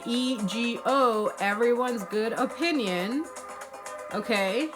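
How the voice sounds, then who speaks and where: Spiritual woman reading tarot over music. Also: mid-range voice. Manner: repeats "okay?" often, earnest and spiritual; greets live chat viewers. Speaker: tarot reader. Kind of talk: live-streamed tarot reading. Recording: music playing behind.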